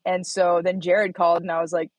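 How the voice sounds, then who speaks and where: A woman in her thirties from Indiana, a startup founder telling her story as an interview guest, animated and laughing often as she acts out quotes. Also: lowish voice, a little fast, no echo, poor audio.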